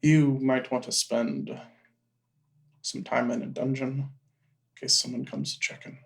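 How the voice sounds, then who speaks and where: A man's voice: mid-range voice, steady tone, a little slow, gravelly. A man playing a tabletop game, talking in an offhand, hesitant way. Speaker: player. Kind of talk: casual tabletop play.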